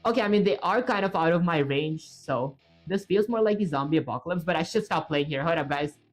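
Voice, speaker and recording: A woman's voice: lowish voice, expressive, a little fast, faint music behind. A woman live-streaming as she codes, talking casually to her viewers, rambling and reaching for words with fillers as she thinks aloud. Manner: chatty, rambling, with filler words and self-talk. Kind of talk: casual livestream commentary while coding. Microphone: streaming setup with webcam.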